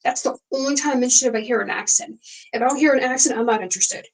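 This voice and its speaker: A woman's voice: high voice, very fast, rough recording. Chatty young woman livestreaming late at night. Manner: rambling, frank, swears, many fillers and restarts. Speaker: livestream host. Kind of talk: casual livestream chat.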